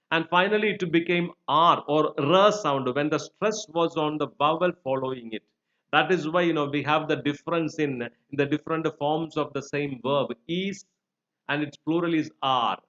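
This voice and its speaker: A man's voice: on the high side, a bit bright. A man teaching a recorded lesson, hesitant with frequent fillers and restarts. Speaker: English teacher. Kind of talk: recorded lecture. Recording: dull lo-fi recording.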